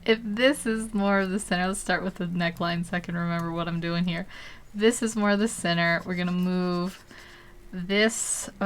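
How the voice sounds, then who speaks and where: A woman's voice: fairly low pitch, fairly bright tone. A young adult woman on a live stream, chatting casually and thinking aloud as she draws, laughing often. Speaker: digital artist streaming. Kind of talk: live-stream chat while drawing.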